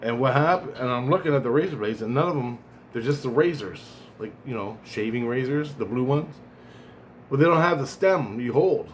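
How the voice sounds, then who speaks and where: A man with a mid-range voice vlogs a long personal story, rambling and swearing as he goes. He digresses, often restarting and correcting himself, and there's a little hiss or hum on the recording.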